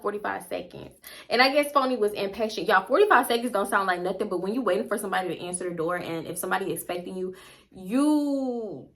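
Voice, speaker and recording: A woman casually telling a personal story to her viewers, candid and animated, with frequent asides. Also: mid-range voice. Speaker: storytime vlogger.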